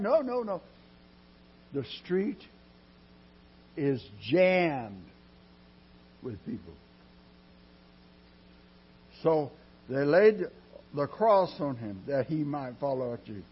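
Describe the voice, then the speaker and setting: A man preaching a sermon in a dramatic style, dropping to a hush and then rising loud, drawing his words out slowly. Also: fairly high pitch, big pitch swings, husky. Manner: dramatic preaching with sudden loud rises and quiet drops; slow, drawn-out delivery. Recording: dull lo-fi sermon recording.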